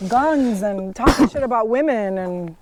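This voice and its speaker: A woman's voice: fairly high pitch, a little mellow. A young woman chatting casually as a podcast guest outdoors, blunt and chatty and swearing freely. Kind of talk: casual chat. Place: outdoors on a trail.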